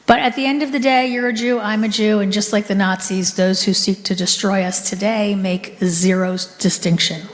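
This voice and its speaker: A woman's voice: mid-range voice, steady tone, normal speed, hardly any pauses. Middle-aged woman, guest speaker, talking to an audience in a hall with a long echo. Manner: conversational, engages the audience with questions. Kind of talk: talk to a live audience. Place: synagogue hall. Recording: long hall reverb from a live room.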